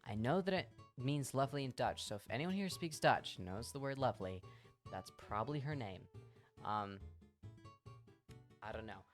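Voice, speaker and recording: A livestreamer with an English accent tells their chat a story in a casual, animated way, swearing freely and acting out what people said. The voice is mid-range at a moderate pace with frequent pauses, and faint music plays in the background.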